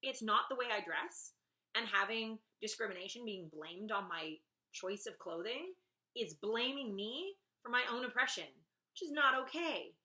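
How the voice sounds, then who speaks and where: A woman's voice: fairly high pitch, moderate pace, bright, forceful tone. A young woman vlogging a casual rant, exasperated and sarcastic, swearing freely.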